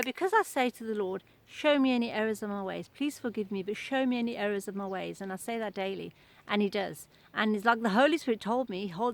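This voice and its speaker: A woman's voice: mid-range voice, creaky, poor audio. A middle-aged woman giving an informal devotional talk, earnest and conversational, telling everyday anecdotes.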